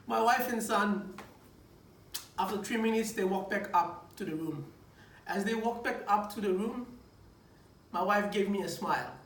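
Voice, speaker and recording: A man, a preacher, giving a personal testimony in a lively storytelling manner, stumbling over restarts and repeating words as he goes. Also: sits high, unhurried, long pauses. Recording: echoey room, distant mic, faint noise.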